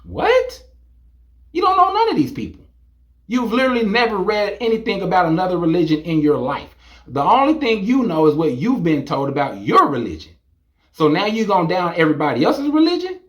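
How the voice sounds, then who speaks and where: Young man for a casual vlog rant, animated and incredulous, voice leaping upward in disbelief. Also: sits high, a little fast, muffled recording. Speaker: vlogger. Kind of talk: casual monologue to camera.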